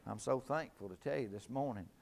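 A man's voice: mid-range voice, brisk, gravelly. A middle-aged man preaching a sermon in a fervent, emphatic way, repeating his key lines.

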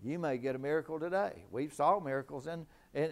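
A man's voice: fairly high pitch, brisk, creaky, hardly any pauses. A middle-aged man preaching a sermon in a fervent, emphatic way, repeating his key lines.

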